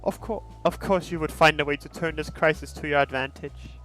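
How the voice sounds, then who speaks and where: A man voicing a small, brisk businesslike woman in a blunt, needling way, in his own fairly high voice. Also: fairly even intonation, fairly bright tone, faint music behind, close to an everyday voice.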